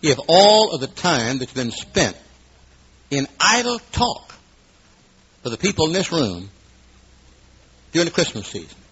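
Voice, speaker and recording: A man in his fifties preaching a sermon, dramatic, swinging between hushed asides and loud exclamations. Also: on the high side, husky. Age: 50s. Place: room at an evening gathering. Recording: dull lo-fi recording.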